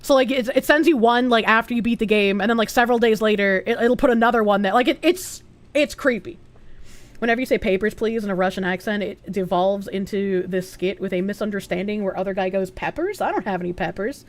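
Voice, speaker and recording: A woman's voice: medium pitch, steady tone, fairly quick. A woman streamer chatting casually, answering viewer chat aloud and swearing freely.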